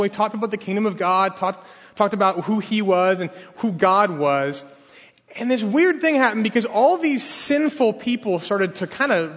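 A man's voice: high-pitched, fairly bright tone, breathy edge. A male pastor preaching a conversational sermon in a large hall, talking casually and asking the audience questions. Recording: long hall reverb.

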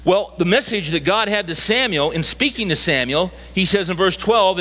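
A man's voice: sits high, expressive, moderate pace, few pauses, pushed and bright. A middle-aged man preaching a sermon, emphatic and full of rhetorical questions to his listeners. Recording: long hall reverb.

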